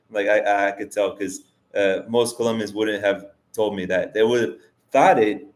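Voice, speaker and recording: A man's voice: fairly low pitch, steady tone, normal speed, hardly any pauses. A man hosting a live stream, talking casually and rambling with restarts and fillers as he answers chat. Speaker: vlogger host reading live chat.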